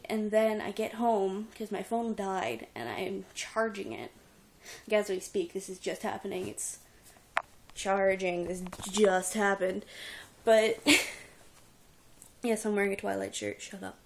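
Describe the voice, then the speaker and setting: A woman's voice: medium pitch, takes it slowly, gravelly. A young woman who runs a reptile rescue, venting at home into a handheld camera in a frustrated, rambling and tearful way. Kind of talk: emotional personal vlog. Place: at home indoors. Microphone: handheld camera at arm's length.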